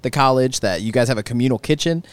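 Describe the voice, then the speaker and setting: A man's voice: medium pitch, clear, resonant tone, no room sound. A man hosting a casual interview chat, steering it with strings of questions. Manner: leading with strings of quick questions. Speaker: host.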